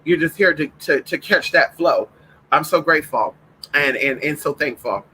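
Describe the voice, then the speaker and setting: A man's voice: fairly high pitch, lively intonation, moderate pace, bright, forceful tone, a little hiss or hum, poor audio. A man hosting a spiritual livestream in casual chat. He talks effusively, repeats himself, swears freely, and calls viewers "honey.".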